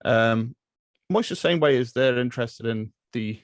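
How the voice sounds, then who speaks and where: Speaking unhurriedly at a medium pitch, a podcast guest from England talks about movies in a relaxed chat. He hesitates a lot, restarting and using fillers, and laughs frequently. The recording is dry and studio clean.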